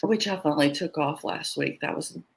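A woman's voice: deep voice, creaky, rough recording. Woman telling a candid personal story. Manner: candid, halting, heavy with fillers; often quotes others in dialogue. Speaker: interview guest.

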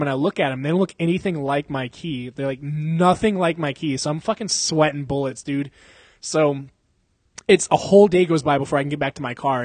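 Young male podcast host, higher voice, rambling and profane, heavy on fillers and sound effects, dry close mic. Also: no echo. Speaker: podcast host telling a story. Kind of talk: casual storytelling.

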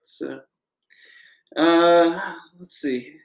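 A man talks casually as a podcast co-host, rambling along with plenty of ums. His voice has a gravelly edge. The room around him is echoey. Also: a little high, extremely slow. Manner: relaxed, rambling, with frequent ums. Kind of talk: casual chat reviewing a TV episode.

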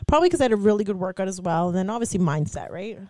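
A woman's voice: medium pitch, very animated, rapid-fire, warm tone, no echo, clean studio sound. A woman co-hosting a podcast in casual chat, laid-back, swearing freely and laughing often. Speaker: podcast co-host.

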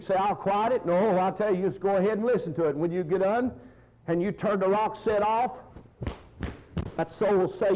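Fiery preacher, high voice. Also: male voice. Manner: folksy, fiery revival preaching with storytelling. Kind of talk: sermon. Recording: muffled lo-fi sermon recording.

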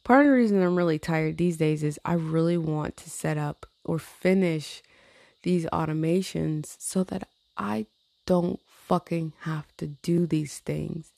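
Blunt, profane woman with gravelly low voice. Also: a little slow, darkish tone, no room sound. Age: adult with a teenage niece. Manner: blunt, profane, rambling with laughs. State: tired. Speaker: vlogger. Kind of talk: casual venting chat.

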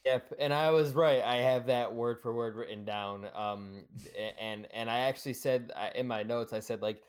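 Casting: male podcast co-host, laid-back and amused, mid pitch. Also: moderate pace, clear, resonant tone. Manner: amused, laughs at dialogue, reads from notes. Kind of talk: casual film review chat.

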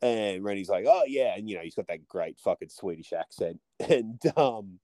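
A man co-hosting a casual podcast chat, rambling and swearing through animated stories. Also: low voice, normal speed, no echo. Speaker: podcast co-host.

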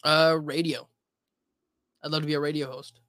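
A laid-back man in his twenties chatting as a podcast guest, his voice a touch high and his jokes crude. The sound is close and dry. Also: flat delivery, normal speed, pushed and bright, no echo. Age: 20s. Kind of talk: casual podcast interview.

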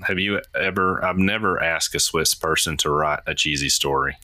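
Podcast co-host, man with a very deep bright voice, dry close sound, halting delivery, cheesy jokes. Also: dry recording. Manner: halting, searches for words, tells corny jokes. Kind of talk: casual chat.

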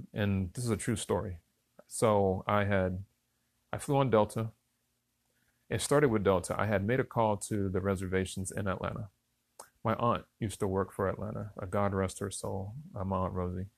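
A middle-aged man casually telling a personal story in a relaxed, conversational way, talking straight to his listeners. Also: fairly low pitch, moderate pace, gravelly, no room sound. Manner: relaxed, conversational, addresses listeners as y'all and fellas.

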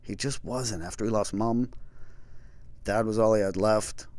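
A man hosting a true crime podcast, talking casually and reflectively, halting with many restarts and often dropping to a soft low voice. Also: fairly even intonation.

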